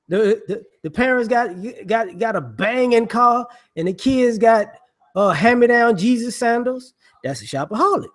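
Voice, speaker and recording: A man giving casual, rambling monologue commentary in slangy speech, filled with "you know" and quick acted-out voices. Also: on the high side. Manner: acts out people he mocks with quick voices.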